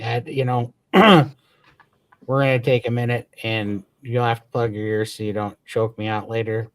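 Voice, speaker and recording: A man's voice: lowish voice, dry recording. A man co-hosting a casual livestream chat, talking with eager, grateful enthusiasm and rambling restarts. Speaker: podcast co-host.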